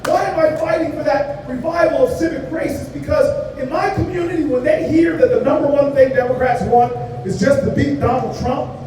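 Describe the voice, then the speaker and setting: A man's voice: very high-pitched, moderate pace, a little mellow, slight background noise. A man in his forties giving a campaign rally speech with a preacherly, rhythmic storytelling delivery. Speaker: political candidate. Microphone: far from the mic. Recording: echoey hall from far off, faint ambience.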